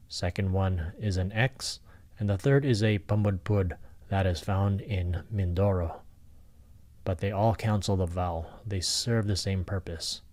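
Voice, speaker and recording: A man giving a recorded lecture on Philippine script, patiently and deliberately sounding out syllables one by one. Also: sits low, darkish tone.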